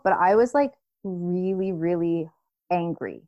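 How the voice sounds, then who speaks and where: A woman in her thirties telling a personal story in casual chat, animated, acting out what people said. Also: on the low side, normal speed, no echo, highs cut off. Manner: animated storytelling, acts out quoted voices, laughs. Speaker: podcast co-host.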